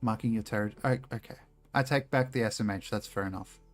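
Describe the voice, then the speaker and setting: A man's voice: fairly low pitch, brisk, faint music behind. Young Australian male streamer, casual and joking, swears a lot. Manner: loose and joking, swears freely, laughs often. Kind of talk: casual gameplay commentary, chatting with viewers.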